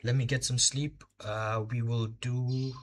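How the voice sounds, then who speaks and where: Short on sleep, this young host of a live race watch-along is from Botswana, of Indian heritage, with Hindi as his first language. His medium-pitched voice is a little slow with little pitch movement, and he hesitates, fills gaps and gropes for words over slight background noise.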